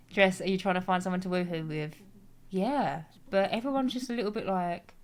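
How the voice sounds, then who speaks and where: Young British woman streamer, slightly low voice, talks easily while gaming. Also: a little fast, a little mellow. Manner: chatty, reads chat aloud and answers, swears casually. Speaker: game streamer. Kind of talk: casual live-stream chat.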